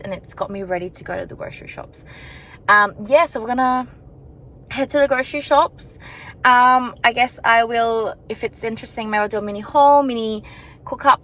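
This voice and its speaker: A woman's voice: a little high, a bit bright, low-quality recording. A young woman talking to her camera while walking outdoors, in a rambling, chatty, self-reflective way with lots of filler words. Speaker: vlogger. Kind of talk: casual vlog chat.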